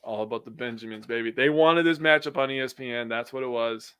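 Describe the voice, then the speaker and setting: Blunt young man with a bright, dry sound. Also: mid-range voice, fast, smooth, no echo. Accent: Wisconsin. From Wisconsin. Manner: blunt, swears casually, opinionated. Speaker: sports podcast co-host. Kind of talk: casual sports chat.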